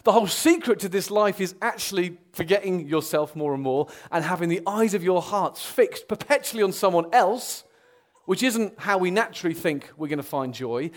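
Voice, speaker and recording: This is a young man giving an earnest, animated sermon to a congregation, with loud exclamations giving way to quiet, solemn tones. He is high-pitched and talks at a normal speed.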